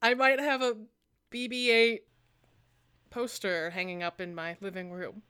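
Bright-voiced animated young woman podcaster. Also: medium pitch, unhurried, smooth. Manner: animated, jokey, laughs often. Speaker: podcast co-host. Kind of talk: casual chat.

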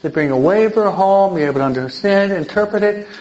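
An older man, a priest teaching an adult catechism class in a lively sermon style, emphatic and often checking in with his listeners. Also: high voice, fairly quick. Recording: dull lo-fi recording.

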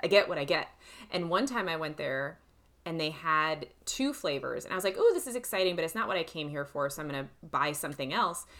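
Bright, lively young woman telling stories. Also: low-pitched, fairly quick. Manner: animated storyteller, laughs often. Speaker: podcast co-host. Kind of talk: casual chat.

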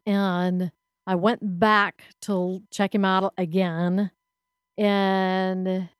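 A woman's voice: on the low side, dry recording, studio quality. A woman co-hosting a podcast, telling a story in a plain-spoken, earnest way in casual chat. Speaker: podcast co-host.

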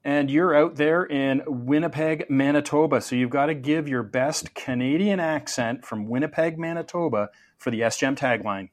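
A man's voice: a little high, normal speed, hardly any pauses. A man hosting a podcast in a casual chatty way, asking his guests questions and joking around. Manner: lively, jokey, asks questions. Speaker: podcast host.

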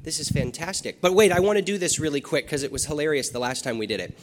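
A man moderating a fan panel, joking with the crowd and hyping it up with direct, energetic talk. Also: on the high side, fast talker. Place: large half-full stadium. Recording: long reverb of a big arena.

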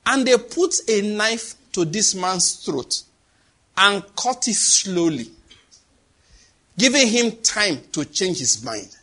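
Animated preacher, husky and high. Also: male voice, slow, long pauses. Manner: animated, dramatic, acts out voices and sound effects. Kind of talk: sermon.

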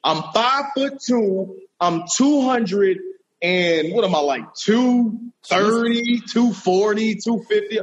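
High, animated slangy man. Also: slow pace, lo-fi sound, slight background noise. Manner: animated, slangy, says bro a lot. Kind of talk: casual chat.

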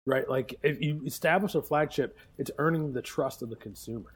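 Husky-voiced man from Pittsburgh. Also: medium pitch. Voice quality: emphatic, blunt, quick restarts. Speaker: podcast co-host. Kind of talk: casual podcast chat.

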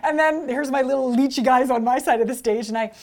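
A middle-aged woman, a guest on a podcast, telling lively stories about dating and acting out what people said. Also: high-pitched, fast talker. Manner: expressive, acts out quotes with big swings in loudness. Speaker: podcast guest, relationship coach. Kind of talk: animated interview storytelling.

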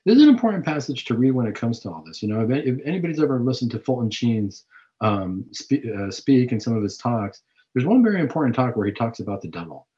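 Animated man preaching on scripture. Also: mid-range voice, fast talker. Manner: animated, rhetorical questions, retells scripture. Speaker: host of a Catholic talk show. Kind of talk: preaching-style reflection on scripture. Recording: dull lo-fi recording.

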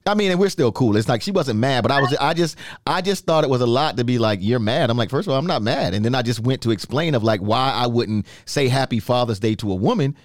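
A man from New York hosting a podcast, telling a story in a casual chat with lively, emphatic questions. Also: mid-range voice, quick pace, few pauses, dry recording, clean studio sound. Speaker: podcast host.

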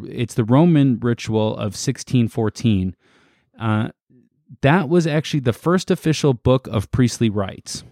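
A man co-hosting a casual podcast chat, relaxed and halting as he reads from his notes. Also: lowish voice, no room sound, studio quality. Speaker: podcast co-host.

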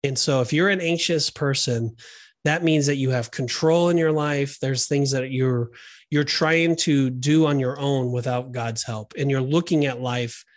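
A man's voice: medium pitch, unhurried. A middle-aged man co-hosting a Christian podcast, telling personal stories in an earnest, conversational way with frequent restarts. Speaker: podcast co-host. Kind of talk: Christian discipleship podcast chat.

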